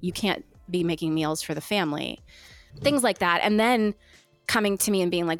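A woman's voice: fairly low pitch, normal speed, no echo, soft background music. A woman co-hosting a podcast, telling a personal story candidly in casual chat and quoting what others said. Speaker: podcast co-host sharing her story.

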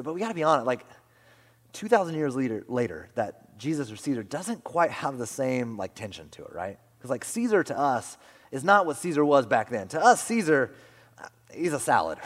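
A man preaching a sermon in a church sanctuary, with a mid-range voice. He swings between loud emphatic lines and hushed whispers. The sound carries a long hall reverb. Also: mid-range voice, very animated, moderate pace. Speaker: pastor.

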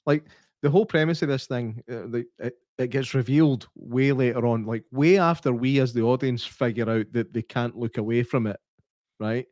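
Joking Scottish podcast co-host. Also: male voice, mid-range voice, darkish tone, dry recording, clean studio sound. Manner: joking, quick teasing banter. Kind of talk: casual chat.

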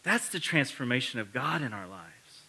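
A man's voice: medium pitch, very animated, normal speed, gravelly, sharp tone, breathy edge. A man preaching a sermon as pastor, earnest and building to emphatic repetition, with casual self-correcting asides.

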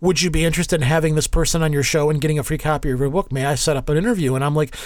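A man hosting a podcast, chatting casually and rambling with many restarts and fillers. His voice sits a little high. The sound is dry and close to the mic. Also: rapid-fire, dry recording. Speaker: podcast host. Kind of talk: casual chat.

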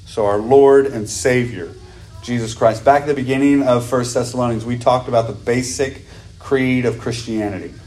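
A man preaching a sermon as pastor, stressing words through repetition and slowing down for scripture. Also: mid-range voice, steady tone, a little mellow. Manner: repeats phrases for emphasis, slows to stress scripture; asks the congregation questions.

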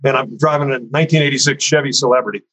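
A man casually telling a story from his career, animated and conversational, acting out what other people said. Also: mid-range voice, very fast, poor audio. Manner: animated, acts out other people's lines in a raised voice; conversational, frequent fillers like "you know" and "man".

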